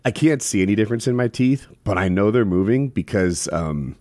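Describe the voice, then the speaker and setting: A man's voice: lowish voice, lively intonation, fairly quick, darkish tone, no room sound. A man on a casual podcast explaining something in a chatty way, with many fillers. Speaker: podcast co-host. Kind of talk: casual chat.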